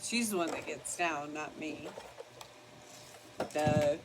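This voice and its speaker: In a very noisy recording, an older woman speaks slowly in a low-sitting voice while doing her makeup at her vanity at home. A beauty vlogger, she keeps up a rambling get-ready-with-me chat, every so often scolding her dog.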